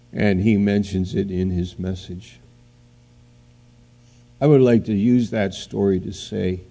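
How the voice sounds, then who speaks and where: A man preaching a sermon, telling a story in a halting way and then building to loud, emphatic outbursts. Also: on the low side, vocal fry, slightly rough.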